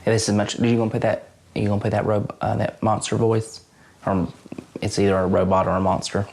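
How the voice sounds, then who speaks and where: A man playing an awkward adult twin brother in a mock documentary interview, halting and rambling, his voice jumping high. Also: little pitch movement, a little mellow, close to an everyday voice. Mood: evasive.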